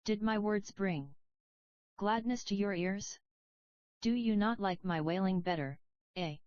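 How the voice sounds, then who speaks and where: Woman reading as a gruff old toad mother. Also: medium pitch, measured pace, darkish tone, dry recording, dull audio, lightly acted. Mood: anxious. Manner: gruff coarse wailing. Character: big ugly old female toad mother, possessive.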